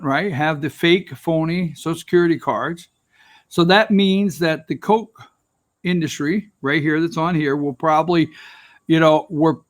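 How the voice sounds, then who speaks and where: A man's voice: high-pitched, a bit bright. A man hosting a political opinion show, talking straight to viewers in a rambling, sarcastic way. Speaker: political talk show host. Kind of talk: opinionated commentary.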